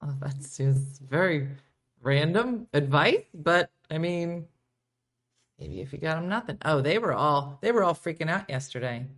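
A middle-aged woman hosting a casual live-streamed morning chat, swinging from quiet asides to loud exclaiming. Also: low voice, expressive, a little slow. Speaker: morning show host.

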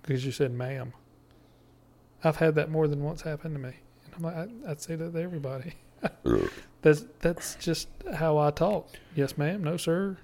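A man, talking in a casual podcast chat. His voice sits somewhat high for a man. He is blunt, swears freely and laughs often. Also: normal speed, a little mellow. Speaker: podcast co-host.

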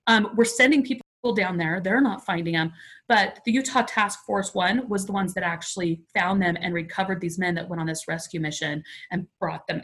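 A woman's voice: mid-range voice, fairly bright tone. A woman in her forties, a podcast guest, telling a personal story in an earnest, chatty way, full of "like" fillers.

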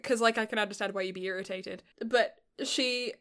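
A young woman chats casually, telling rambling stories and often laughing mid-sentence. Her medium-pitched voice is steady, fairly bright and clean, and a little fast.

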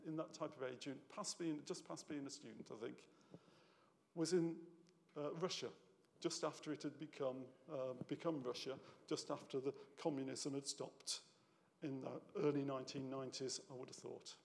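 Male preacher, conversational sermon, gravelly voice, long church reverb. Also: medium pitch, steady tone, moderate pace. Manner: conversational, tag questions, gets emotional. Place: church hall.

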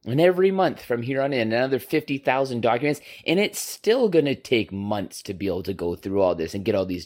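A man's voice: mid-range voice, a little mellow. A man delivering a heated, profane opinion rant on his own channel, blunt and rhetorical.

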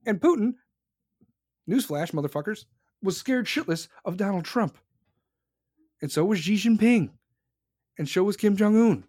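A man's voice: high voice, lively intonation, a little slow, pauses often, mellow, no echo, clean studio sound. Angry, profane man ranting. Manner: profane, heated, emphatic. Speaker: podcast host. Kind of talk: angry political rant.

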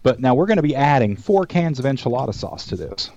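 A man hosts a cooking show in an easygoing, rambling way, dropping jokes and friendly asides as he goes. His mid-pitched voice is heard on a dull, lo-fi recording in a dry space. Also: very animated, fast, mellow, dry recording. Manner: folksy and rambling, tells jokes, says "y'all" and "man". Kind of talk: casual cooking-show chat.

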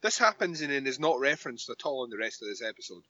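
A man co-hosting a podcast in casual chat, animated and quick to laugh and swear. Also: mid-range voice, dry recording, lo-fi sound. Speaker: podcast co-host.

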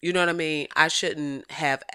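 A woman hosting a gossip podcast in loose, off-the-cuff chat. Her voice is bright and sharp, and her delivery is animated, salty and full of laughs. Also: low voice, normal speed, clean tone. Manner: animated, profane and joking, laughs often. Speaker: podcast host. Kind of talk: casual celebrity gossip commentary.

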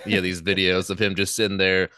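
A comedian guest on a podcast with a very deep voice and a bright, forward edge. He tells stories easily and slips in dry jokes, often chuckling as he goes. The sound is close and dry. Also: little pitch movement, brisk, smooth, no room sound. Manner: easygoing, dry jokes, chuckles mid-sentence. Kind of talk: casual chat.

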